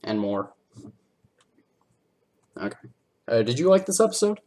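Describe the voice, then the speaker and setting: Rambling podcast host recapping cartoons. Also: male voice, mid-range voice, big pitch swings, unhurried, darkish tone. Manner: rambling, filler-heavy, acts out character lines. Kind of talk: casual episode recap.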